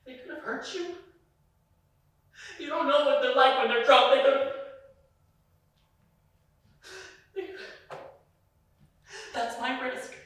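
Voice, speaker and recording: A man's voice: extremely high pitch, expressive, moderate pace, sharp tone, pitched above the performer's own voice, exaggerated voice. A young man playing a frightened, protective boyfriend in a monologue, urgent and pleading. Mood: scared, pleading. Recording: very echoey room, mic far off.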